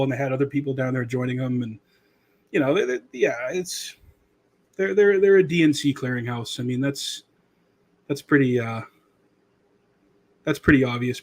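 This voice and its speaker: A man in his thirties hosting a podcast, rambling in casual political commentary with a sarcastic edge. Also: medium pitch. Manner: rambling, sarcastic, does mocking impressions. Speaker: podcast host.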